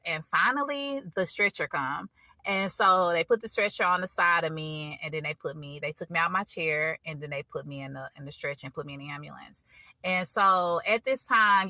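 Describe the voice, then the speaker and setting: A woman's voice: fairly low pitch, bright, forceful tone, dry recording. A woman giving a casual personal testimony to her viewers, talking conversationally, calling them y'all and often restarting her sentences. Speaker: faith vlogger.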